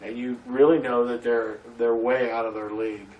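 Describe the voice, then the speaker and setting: A man recalling his stage roles in a relaxed interview, lively in pitch, talking in bursts and starting over mid-sentence. He sounds a little distant from the mic. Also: moderate pace, lo-fi sound. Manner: animated storytelling, many restarts. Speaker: community theater actor, interview guest. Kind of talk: casual interview.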